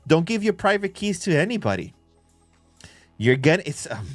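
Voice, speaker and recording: Streaming casually from his phone, a man who hosts a crypto livestream talks in an excitable way, cursing freely and firing quick shout-outs at his viewers. His voice sits slightly high for a man, and the dry, close sound carries faint music underneath.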